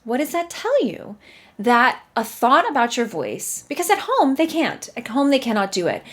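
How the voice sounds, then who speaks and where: A woman who teaches singing, hosting a casual solo podcast, chatty and animated with frequent laughter as she acts out her students' doubts. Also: high voice, moderate pace.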